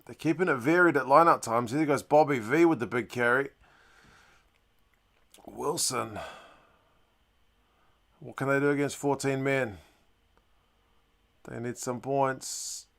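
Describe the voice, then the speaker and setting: A man hosting a live rugby watch-along, giving chatty play-by-play that bursts into loud, excited shouts and mild swearing. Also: mid-range voice, measured pace, pauses often. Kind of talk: live sports reaction commentary.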